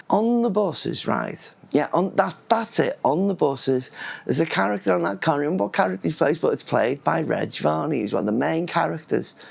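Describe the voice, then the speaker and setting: A man vlogging in a casual, rambling monologue, often losing his thread and restarting words. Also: on the high side. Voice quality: gravelly and husky.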